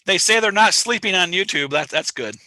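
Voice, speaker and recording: Bright-voiced man hosting an astronomy stream. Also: sits high, fairly quick, slight background noise. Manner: relaxed, rambling, self-deprecating humor. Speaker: astronomy outreach host. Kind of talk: casual livestream chat. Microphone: online call mic.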